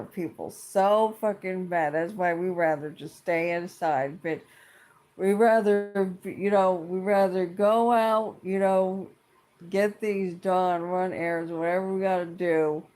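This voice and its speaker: Slow-talking blunt middle-aged ranter. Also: mid-range voice, a little mellow. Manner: blunt and exasperated, heavy swearing, repeats itself. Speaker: vlogger. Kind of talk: casual profane rant to camera.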